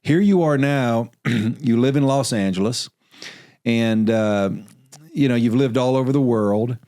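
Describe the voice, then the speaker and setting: A man's voice: mid-range voice, measured pace, mellow, no room sound. Chatty middle-aged man hosting, dry sound. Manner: chatty, storytelling, leads into questions. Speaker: podcast host, basketball coach. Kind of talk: casual conversational interview.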